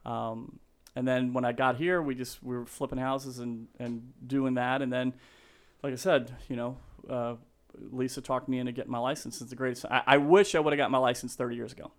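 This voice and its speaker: A man in his fifties telling stories in a casual interview, rambling and animated, acting out quotes in a high yell. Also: brisk. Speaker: guest.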